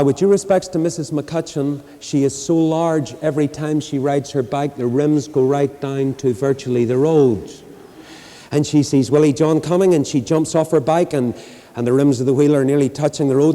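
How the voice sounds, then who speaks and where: Mellow Northern Irish preacher telling stories. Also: male voice, mid-range voice, long reverb tail. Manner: folksy storyteller doing voices. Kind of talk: storytelling sermon.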